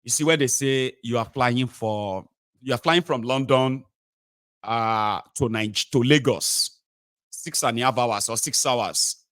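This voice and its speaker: A man's voice: medium pitch, unhurried, a bit bright, no echo, studio quality. A Nigerian man giving mocking political commentary, switching between a plain talking voice and mocking voices for quotes. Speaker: commentary host.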